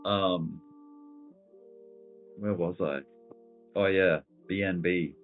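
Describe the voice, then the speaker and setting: A man with a very low voice runs a loose, slangy market chat, thinking out loud as he goes. His audio is thin and phone-like, with a soft bed of music playing under it. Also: steady tone, drawn-out words. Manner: laid-back, slangy, thinking aloud over charts. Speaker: host. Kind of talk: casual crypto market commentary.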